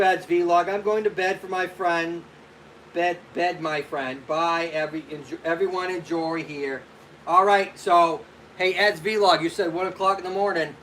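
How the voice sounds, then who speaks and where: Bright-voiced chatty male live streamer. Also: on the high side, moderate pace, slight background noise. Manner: chatty, greets viewers by name and answers their questions. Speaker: physical therapist host. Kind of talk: casual live stream chat.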